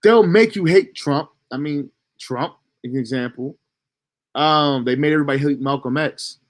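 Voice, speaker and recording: A man's voice: a little high, moderate pace. A man hosting a reaction video, giving laid-back, slangy commentary between clips.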